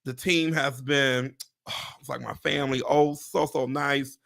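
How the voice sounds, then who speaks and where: A man hosting a livestream chat, telling a story with excitement, acting out what people said, swearing and laughing often. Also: mid-range voice, a little slow, vocal fry. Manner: animated, acts out quotes, swears, laughs often. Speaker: real estate agent and livestream host.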